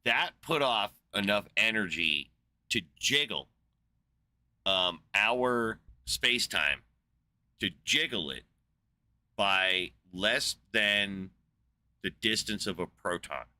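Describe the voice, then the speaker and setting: A man's voice: on the low side, lively intonation, slow, pauses often, bright, forceful tone, no echo. A man hosting a podcast in casual chat, rambling and sarcastic with a lot of swearing. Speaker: podcast host.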